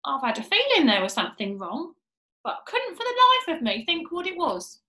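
A woman reading aloud puts on a fussing old woman with a shrill, high voice that climbs far above the narration and comes out loud and drawn-out. The words ring in an echoey room. It is storybook reading for children. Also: wildly swooping pitch, full character voice. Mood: puzzled.

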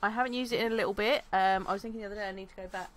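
A woman's voice: mid-range voice, steady tone. A woman co-hosting a podcast, easygoing and casual in her chat. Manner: easygoing, quick reactions. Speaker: podcast co-host.

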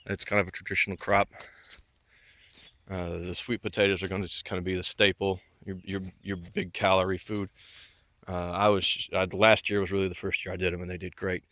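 A man's voice: deep voice, little pitch movement, brisk, sharp tone, no room sound. A middle-aged man from the American South giving a rambling, casual walking tour of his homestead outdoors, with many fillers and restarts. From Southern United States. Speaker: homesteader vlogger.

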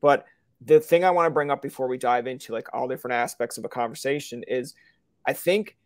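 A man's voice: medium pitch, a little fast, no echo, clean studio sound. A man hosting a podcast interview, talking casually and rambling, with frequent stammers and restarts. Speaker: podcast host.

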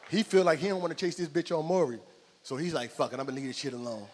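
A man doing a profane stand-up comedy set, loud and animated, telling stories on a comedy club stage. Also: fairly high pitch, quick pace. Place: comedy club stage before a live audience. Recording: live room with long reverb, crowd noise.

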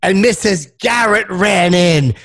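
A man hosting a comedy podcast, riffing absurd bits in a deadpan way. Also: high voice, slow pace, vocal fry. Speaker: podcast host. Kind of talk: comic podcast banter.

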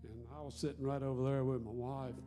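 A man's voice: medium pitch, flat delivery, fast, mellow. Homespun man over faint music. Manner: homespun storytelling. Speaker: church elder leading communion. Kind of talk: testimony before communion. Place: church sanctuary.

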